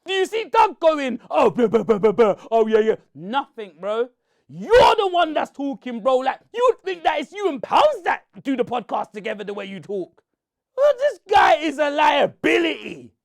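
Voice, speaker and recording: A man, shouting and confronting someone in a heated rant to camera. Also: very high-pitched, huge pitch swings, normal speed. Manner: shouting, confrontational, repeats "bro". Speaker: online commentator.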